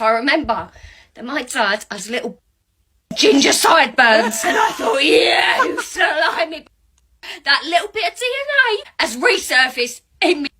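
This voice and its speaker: A woman telling a funny personal story as a podcast guest, animated and laughing as she talks. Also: sits high.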